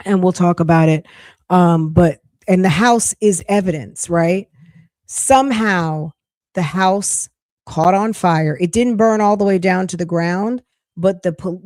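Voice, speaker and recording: A woman's voice: fairly low pitch, dark tone, dry recording, clean studio sound. Chatty woman losing her voice. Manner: chatty, rambling with frequent restarts. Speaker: podcast host. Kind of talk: casual live-stream chat.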